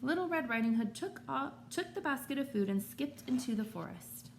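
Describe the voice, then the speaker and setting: A woman teacher reading a children's story aloud in an expressive storytelling manner. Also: sits high, moderate pace, a little hiss or hum.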